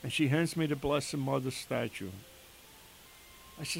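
Older male storyteller, slow earnest testimony, gravelly tone. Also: mid-range voice. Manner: slow, earnest, emotional retelling with quoted dialogue. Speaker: father telling his story. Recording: faint hiss behind the voice.

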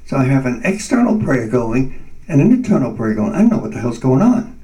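A man guest earnestly telling a personal faith story in conversation, animated and vivid. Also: medium pitch, a little fast, distant mic, poor audio.

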